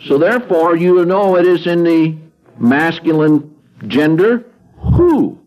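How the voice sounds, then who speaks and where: A man leads a Greek grammar lesson at an unhurried pace, stopping to ask "okay?" as he works through a worksheet. His slightly high voice swings through a wide, animated range. Faint music plays in the background. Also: dull audio. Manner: patient, repeats words slowly, checks in with "okay?". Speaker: Greek teacher. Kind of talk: classroom lecture walking through a worksheet.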